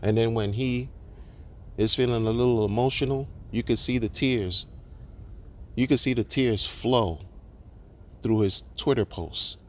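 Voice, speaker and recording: A crypto commentator rants indignantly to camera in a mid-range, unhurried voice that pauses often. He repeats himself and keeps restarting words as he builds his case.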